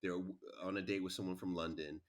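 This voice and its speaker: A man who is a relationship expert, a podcast guest in casual chat, animated and repeating words for emphasis. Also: deep voice, quick pace.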